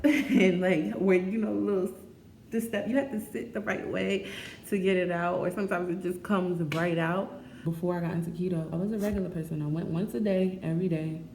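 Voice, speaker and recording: A woman's voice: on the low side, dark tone, slight background noise. A woman vlogging casually, talking frankly and chattily and laughing often. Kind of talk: candid casual vlog talk. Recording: echoey room with faint ambience.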